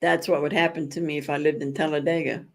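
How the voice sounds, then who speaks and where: A woman's voice: deep voice, level tone, fast, creaky. A woman hosting a casual livestream chat with viewers, telling stories in a rambling, self-correcting way with dramatic emphasis. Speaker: livestream host.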